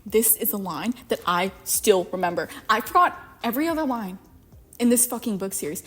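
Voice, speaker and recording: A woman's voice: mid-range voice, a little fast, breathy edge. A young woman giving a sarcastic, exasperated, profane rant about a book. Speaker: book commentary vlogger. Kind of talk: ranting book commentary.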